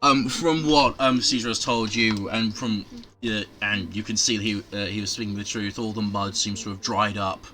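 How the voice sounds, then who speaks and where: A man's voice: fairly low pitch, steady tone, normal speed, bright, forceful tone, a little hiss or hum. A man narrating a tabletop game as game master in loose, rambling speech.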